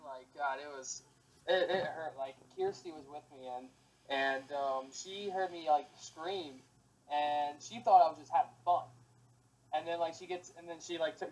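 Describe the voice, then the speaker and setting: A man's voice: on the high side, darkish tone, rough recording. A young man in casual chat, laid-back and rambling with lots of fillers.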